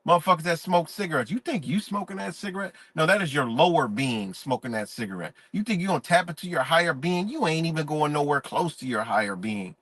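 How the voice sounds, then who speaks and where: A man holds forth in a live-stream monologue, preachy and emphatic, swearing freely. His voice sits a little high for a man. The sound is dry and close. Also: expressive, fast talker, hardly any pauses, fairly bright tone, dry recording.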